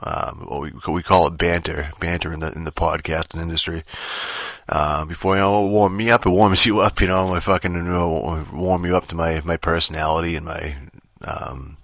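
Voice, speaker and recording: A podcast host man talking off the cuff, cursing in nearly every phrase and restarting his sentences. His voice sits very low yet carries a bright, forceful edge. The recording is dry and close. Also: flat delivery, moderate pace, no echo. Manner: profane, rambling, many fillers and restarts. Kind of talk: casual rambling podcast monologue.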